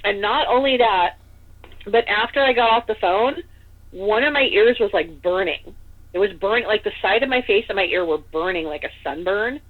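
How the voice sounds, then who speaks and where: A woman's voice: medium pitch, normal speed. A woman from Northern California telling a story as a podcast guest, chatty and rambling, with lots of "like" and "you know.". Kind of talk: casual storytelling in an interview. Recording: tinny phone-line audio.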